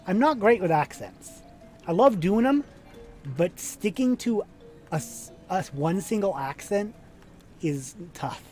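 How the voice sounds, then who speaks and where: A man's voice: sits high, animated, a little slow, darkish tone, faint music behind. A man streaming a video game, chatting casually in a rambling, self-deprecating way with false starts.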